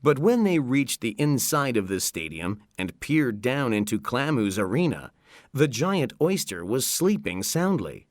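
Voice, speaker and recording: A man narrates a children's storybook at an unhurried, deliberate pace. His pitch moves freely as he acts out the reading. The sound is dry and close. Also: dry recording. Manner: slow, expressive reading. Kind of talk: scripted narration.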